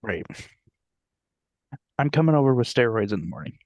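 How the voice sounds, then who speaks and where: A man's voice: medium pitch, sing-song, normal speed, darkish tone, no echo, highs cut off. A young man co-hosting a podcast in casual chat, joking and laughing often. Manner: laughs often, jokey, puts on silly voices for quotes. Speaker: podcast co-host.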